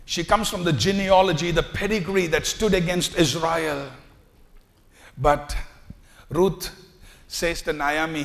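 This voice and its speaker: A man's voice: on the high side, steady tone, unhurried. Man preaching with dramatic swings. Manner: dramatic preaching, acting out quotes with big swings in volume. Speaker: pastor. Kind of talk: sermon.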